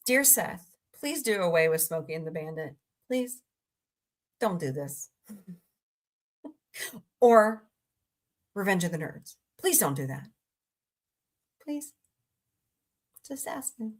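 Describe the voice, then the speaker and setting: A woman's voice: fairly low pitch, sing-song, slow, long pauses. A woman hosting a casual live stream, chatting and joking with viewers about movies and reading their comments. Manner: chatty, jokey, reads and answers viewer comments. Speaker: livestream host.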